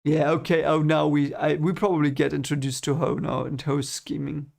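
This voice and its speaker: A man's voice: on the high side, little pitch movement, normal speed, gravelly, a little mellow. A man chatting casually on a stream as he reads webcomics, rambling enthusiastically with lots of fillers and repeated words. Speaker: streamer reading webcomics aloud.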